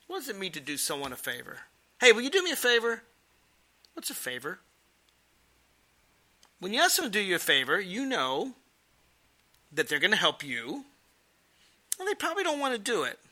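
Emphatic male commentator who swoops through a lively pitch range; sarcastic explainer. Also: fairly quick, long pauses. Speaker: political commentator.

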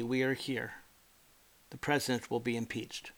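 A man's voice: medium pitch, level tone, normal speed, soft background music. A man hosting a political commentary show, making his points emphatically and mimicking people mockingly. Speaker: political talk show host.

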